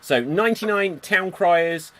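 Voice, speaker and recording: A man hosting a live online improv show, his voice pitched a little high for a man. He runs things briskly, explains the games, and chuckles between rounds. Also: fairly bright tone. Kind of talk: hosting a live comedy stream. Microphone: video call.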